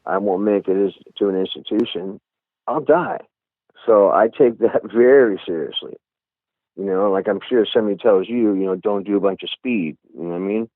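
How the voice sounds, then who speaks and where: A low-pitched middle-aged man talks candidly as an interview guest. He rambles, circles back and fills gaps with "you know". His voice comes through a dry, tinny phone line. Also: moderate pace, dry recording. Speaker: guest musician.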